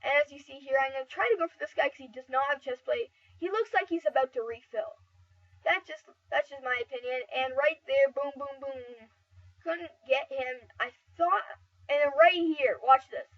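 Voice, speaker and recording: High-voiced woman rambling over game footage. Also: moderate pace. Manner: rambling, excitable, frequent fillers and restarts. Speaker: gameplay commentator. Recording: dull lo-fi mic, slightly distant.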